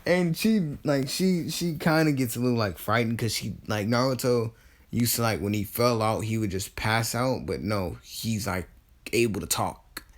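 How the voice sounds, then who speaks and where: A man's voice: mid-range voice, moderate pace. Rambling man telling a casual story. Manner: rambling, full of fillers, casual swearing. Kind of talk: casual fan-fiction storytelling.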